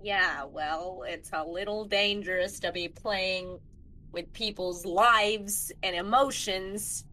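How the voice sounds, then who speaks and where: A woman's voice: medium pitch, fairly even intonation, slow pace, bright, forceful tone, slight background noise, low-quality recording. A woman playing a tabletop game, chatting casually, playful and decisive. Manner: playful, decisive, laughs often. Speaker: player.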